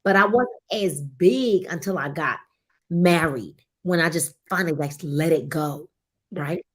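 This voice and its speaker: A woman hosts a live book club show with casual, faith-filled talk, sometimes slipping into a warm, encouraging preacher-like cadence and briefly singing. Her voice is deep, husky, and a little slow.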